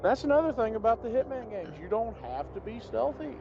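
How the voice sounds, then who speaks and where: A man's voice: extremely high pitch, big pitch swings, fairly quick, vocal fry, dull audio. A man player chatting casually about video games at a tabletop session, with wry, opinionated banter.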